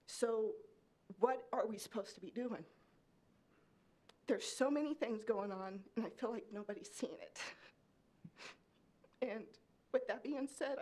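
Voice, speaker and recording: A woman from Kansas speaking during public comment at a city meeting, pleading and emotional, her voice rising. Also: on the high side. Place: city commission meeting room.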